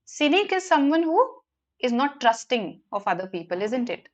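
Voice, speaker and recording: A very animated woman with a high voice and an Indian English accent teaches vocabulary live online at normal speed, working as an exam prep teacher. She walks through the material patiently and keeps checking in with her class.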